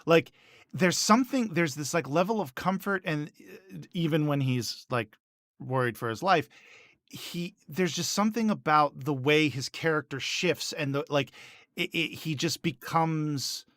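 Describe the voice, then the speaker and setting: A man's voice: a little high, unhurried, fairly bright tone, no room sound, clean studio sound. A man co-hosting a podcast, retelling TV scenes in casual chat with lots of fillers and restarts. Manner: rambling, many restarts and fillers. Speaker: podcast co-host.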